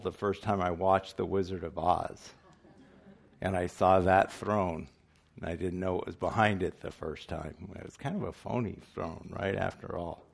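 A male preacher giving a casual, halting sermon that often pauses to apologise or find his place. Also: deep voice, gravelly. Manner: conversational, halting, self-deprecating.

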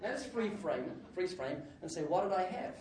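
A man's voice: high voice, lively intonation, moderate pace. Guy preaching in a big echoey church, cracks jokes, laughs a lot, mic a ways off. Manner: jokey, laughs often, sudden loud outbursts. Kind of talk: sermon. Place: church hall. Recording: echoey hall, distant mic, faint noise.

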